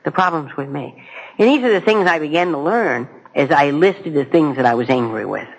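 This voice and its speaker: Fairly high in pitch and gravelly, with lively intonation at normal speed, a middle-aged man's voice shares his testimony at a recovery meeting. He pokes fun at himself in a conversational way, addresses the audience directly, and poses questions. The recording quality is low.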